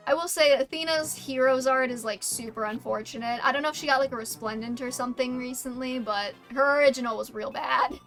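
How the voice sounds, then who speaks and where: A woman's voice: sits high, fairly quick, hardly any pauses, a bit bright, faint music behind. A young woman streamer giving casual, crude and sarcastic gameplay commentary.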